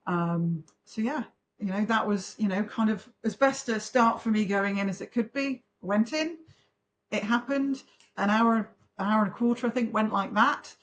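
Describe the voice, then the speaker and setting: A woman in her forties, a podcast guest, telling her story in a chatty, animated way. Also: medium pitch, normal speed. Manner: chatty, animated, talks in long run-on recollections. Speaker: podcast guest, pharmaceutical trainer. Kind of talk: conversational interview storytelling.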